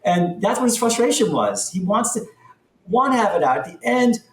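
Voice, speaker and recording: Animated man, echoey distant sound. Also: high-pitched, normal speed. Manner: animated, voice jumps up in excited bursts. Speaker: podcast guest, company founder. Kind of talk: storytelling in an interview. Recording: echoey room, distant from the mic.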